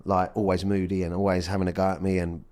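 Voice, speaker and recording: A man's voice: low-pitched, little pitch movement, quick pace, darkish tone. A man in his thirties, a podcast guest talking candidly and emotionally, swearing freely in casual chat.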